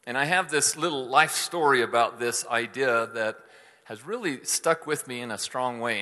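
A male pastor delivers an informal, chatty sermon, often restarting his sentences and turning aside to talk to his listeners. His voice is bright and forward. It rings out with a long reverb through a large church hall. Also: medium pitch. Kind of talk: conversational sermon.

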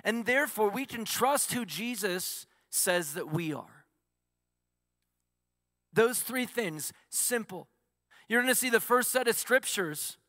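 A man's voice: high voice, lively intonation, slow pace, long pauses, pushed and bright, dry recording, clean studio sound, big-room sound. A male pastor preaching a sermon, asking the congregation questions and answering them himself.

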